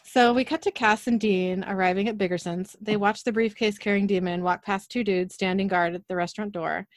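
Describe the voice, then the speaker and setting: A woman co-hosting a podcast, briskly retelling a TV episode scene by scene. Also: medium pitch, fairly even intonation, no room sound. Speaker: podcast co-host. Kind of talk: recapping a TV episode.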